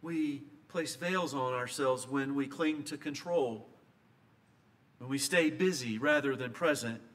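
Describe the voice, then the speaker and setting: A man preaching a sermon, telling a scripture story and moving between hushed and emphatic delivery. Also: mid-range voice, measured pace.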